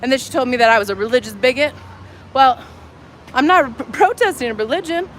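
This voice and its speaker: A woman's voice: fairly high pitch, brisk, a bit bright. A woman protesting in the street, arguing bluntly and swearing freely. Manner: blunt, combative, profane. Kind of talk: heated street argument. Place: outdoors by a street. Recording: street traffic noise behind.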